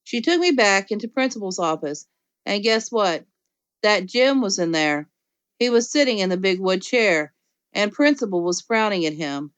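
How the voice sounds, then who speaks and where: A woman narrating a children's storybook in first person, lively and playful. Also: medium pitch, normal speed, clean tone, no room sound. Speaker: audiobook reader.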